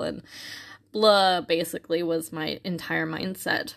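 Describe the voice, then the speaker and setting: A woman's voice: fairly low pitch, steady tone, moderate pace, vocal fry. A young woman telling a personal faith story in a casual, earnest way, with many fillers and restarts. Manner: earnest and reflective.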